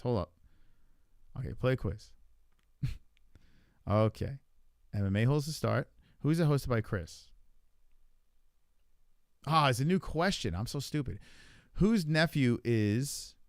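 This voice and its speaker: A man hosting a casual podcast, thinking aloud while he plays a quiz, with lots of swearing, fillers and halting repeats. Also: medium pitch, darkish tone, no room sound, studio quality. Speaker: podcast host. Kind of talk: casual chat while playing an online quiz.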